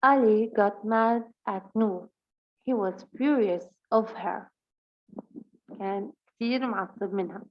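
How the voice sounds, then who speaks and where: A woman with a Levantine Arabic accent who speaks Arabic natively, teaching English vocabulary. She reads example sentences slowly and explains them quickly. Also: mid-range voice, muffled recording. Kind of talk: bilingual vocabulary lesson.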